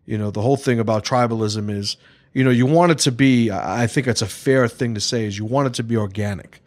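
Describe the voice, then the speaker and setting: A man's voice: mid-range voice, fast, no room sound. A man hosting a casual livestream podcast, rambling, swearing freely and restarting his sentences. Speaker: podcast host.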